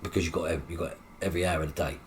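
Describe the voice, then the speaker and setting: Deep-voiced man telling his story. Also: very fast, a little hiss or hum. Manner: animated, acts out quoted dialogue with coarse swearing. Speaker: guest. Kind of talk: personal storytelling in an interview.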